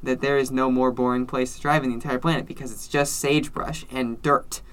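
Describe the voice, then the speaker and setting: A man with a bright, forward voice, chatting casually as a co-host. He explains at length, dropping wry asides and little jokes as he goes. Plain conversational delivery. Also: mid-range voice, flat delivery, a little fast, smooth. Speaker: podcast co-host. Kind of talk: casual chat. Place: based in Salt Lake City.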